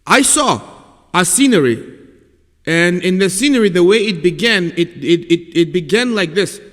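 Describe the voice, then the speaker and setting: A man recounting a prophetic vision in a halting, repetitive, earnest way. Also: high voice, animated, a bit bright, in a large hall. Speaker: self-styled prophet.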